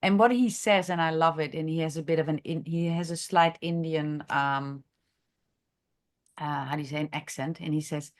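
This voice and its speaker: A woman who is a chiropractor, leading a masterclass discussion in an unscripted, halting way, thinking aloud with many fillers and restarts. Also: sits low, fairly even intonation. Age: adult, has a grown daughter. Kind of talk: unscripted teaching talk.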